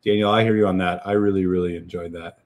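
A man's voice: low voice, steady tone, fast, darkish tone. A man hosting a casual live whisky tasting, talking enthusiastically with many fillers and restarts. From United States. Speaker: whisky reviewer host.

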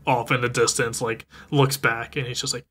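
Speaking at a normal speed in a level, fairly bright, medium-pitched voice, this man co-hosts a podcast and casually walks through a movie's story, voicing the characters' lines himself.

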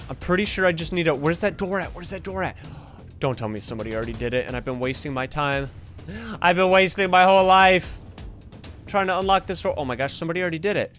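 High-voiced excitable young man gaming. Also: fast talker, soft background music. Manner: jumpy, panicky, frequent gasps and yelps. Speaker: gaming channel host. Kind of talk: excited gameplay commentary.

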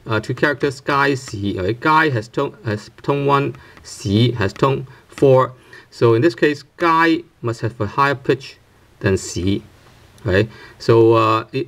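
A man explains a language lesson in an unscripted, step-by-step way, full of fillers, restarts and a frequent questioning "right?". His voice sits at an ordinary middle pitch, and he often says sample syllables aloud to show each tone. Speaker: language teacher.

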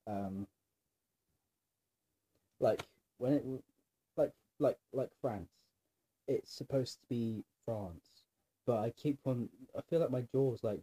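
Husky-voiced man rambling to camera. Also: on the low side, mellow. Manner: self-deprecating, scattered, frequent throat clearing. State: sore throat, nagging cough. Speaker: vlogger. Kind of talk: rambling casual monologue to camera.

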